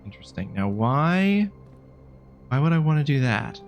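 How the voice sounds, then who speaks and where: A man's voice: on the high side, very animated, moderate pace, long pauses, soft background music. A man commentating a video game live, chatting casually with his viewers, apologetic and swearing now and then. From Canada. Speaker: game streamer. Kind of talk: live let's-play commentary.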